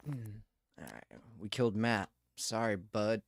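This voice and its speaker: He's a livestreamer with a gravelly, expressive voice sitting on the low side. As he plays a game live, he rants and swears in casual chat, breaking into quick laughs.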